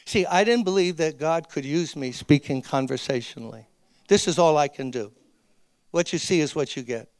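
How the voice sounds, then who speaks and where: Male pastor, conversational sermon, high voice, dry close sound. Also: clear, resonant tone, dry recording. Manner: earnest and conversational, with emphatic repeated appeals. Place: church, speaking to a gathering of ministers.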